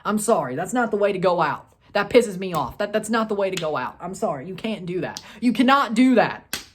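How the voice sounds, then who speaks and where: A man hosting a soccer review video, ranting and scolding in repeated short bursts, with loud outbursts and low grumbling. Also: big pitch swings, fairly quick, a little hiss or hum. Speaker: soccer fan video host. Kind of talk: post-match review rant.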